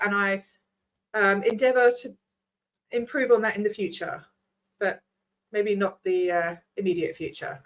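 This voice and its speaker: A woman's voice: medium pitch, fairly bright tone. A woman, rambling casually as she signs off her livestream, swearing freely. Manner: chatty, scattered, swears freely. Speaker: vlogger host.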